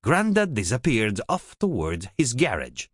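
A man narrating a children's storybook in an expressive, sing-song way. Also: medium pitch, unhurried, no room sound, clean studio sound. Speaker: storybook reader.

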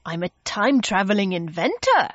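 A woman voicing an excitable, old-fashioned male time-traveling inventor in a storybook reading. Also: mid-range voice, moderate pace, no echo, lo-fi sound. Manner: excitable, exclaiming.

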